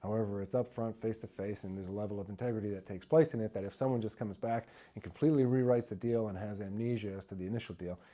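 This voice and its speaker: A man's voice: mid-range voice, warm tone. A middle-aged man giving business advice as a deal advisor, emphatic and repetitive, acting out quotes from buyers. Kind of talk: talking-head business advice.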